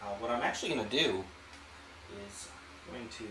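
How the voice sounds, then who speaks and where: A man hosting an art channel, walking through a painting demonstration in a relaxed way and thinking aloud as he works. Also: medium pitch, a little fast, echoey room, background noise. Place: home art studio.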